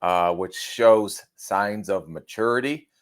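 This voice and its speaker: A man co-hosting a podcast, giving measured analysis with self-deprecating humor. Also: fairly low pitch. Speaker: podcast co-host and draft analyst. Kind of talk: casual podcast chat.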